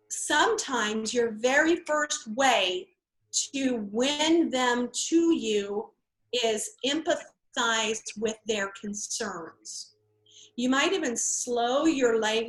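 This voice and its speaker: A woman's voice: sits high, fairly bright tone. A woman real estate trainer teaching an online workshop in a conversational, laid-back way. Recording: echoey room.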